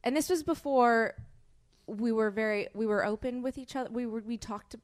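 With a fairly high pitch and normal speed, a young woman podcast host rambles through a story in casual chat, giggling along the way.

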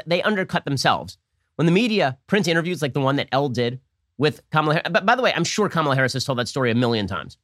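Rapid-fire sarcastic male political commentator. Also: a little high, a bit bright, no echo, clean studio sound. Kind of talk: fast-paced political commentary monologue.

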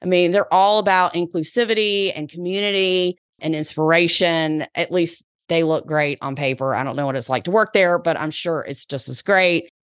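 A woman's voice: on the low side, moderate pace, hardly any pauses, smooth, no echo, clean studio sound. A woman in her forties with a Southern US accent, hosting a solo podcast in a chatty, upbeat, slangy way. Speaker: podcast host.

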